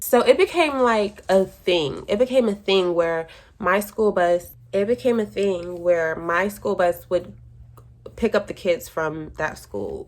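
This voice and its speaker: A young woman tells a storytime in a loose, chatty way, stacking fillers and addressing her viewers. Her pitch swings widely up and down as she dramatizes. She speaks from a room at home, keeping it casual. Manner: chatty and dramatic, lots of "like" and "y'all". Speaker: vlogger. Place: room with her sister asleep behind her.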